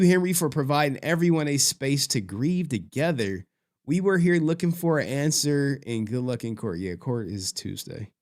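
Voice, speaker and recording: A medium-pitched man runs a casual livestream, talking loosely with viewers and swearing as he goes. Reading their messages aloud stirs up his emotions. The audio is clean studio sound without echo.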